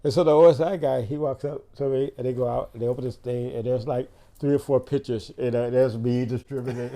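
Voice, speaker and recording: A man's voice: medium pitch, brisk, few pauses. An older man, a podcast guest, telling a story casually and acting out the dialogue. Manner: animated storyteller who acts out quoted dialogue.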